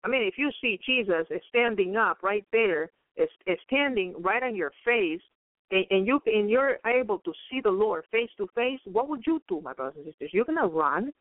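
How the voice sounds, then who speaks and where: A woman giving an earnest preaching testimony, halting and repeating her words often. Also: mid-range voice, lively intonation, dry recording. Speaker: guest speaker. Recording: tinny phone-like line.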